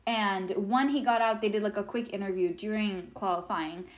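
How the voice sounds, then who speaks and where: A young woman co-hosting a podcast, chatting in a bubbly, giggly way and putting on quick impressions. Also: medium pitch, steady tone. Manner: bubbly, giggly, imitates engine sounds and quotes. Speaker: podcast co-host. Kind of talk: casual chat.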